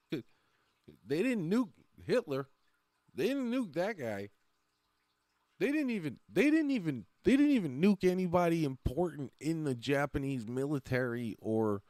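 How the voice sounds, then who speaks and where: A man's voice: medium pitch, darkish tone, dry recording. A man talking casually on a livestream, rambling, often trailing off and laughing between thoughts. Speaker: livestream host.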